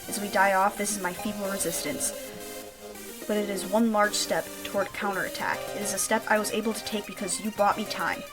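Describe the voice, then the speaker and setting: A woman reading a resolute young man, solemn and measured, game music underneath. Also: mid-range voice, steady tone, lightly acted. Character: calm resolute young man sacrificing himself. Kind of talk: reading game dialogue aloud.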